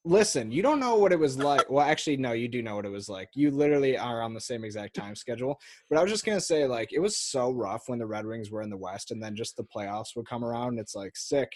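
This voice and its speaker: A man's voice: mid-range voice, expressive, no echo. A young man hosting a sports podcast, chatting casually and joking with his co-hosts. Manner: upbeat, joking, quick banter. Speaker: podcast host. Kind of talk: casual chat.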